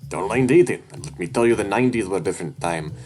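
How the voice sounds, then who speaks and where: A man's voice: lowish voice, expressive, fast talker, a little mellow, close to an everyday voice. A man voicing a small, elderly, winged female shopkeeper creature in a tabletop game, a chatty, pushy matchmaker in her sixties. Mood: meddling. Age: 60s. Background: clear background music.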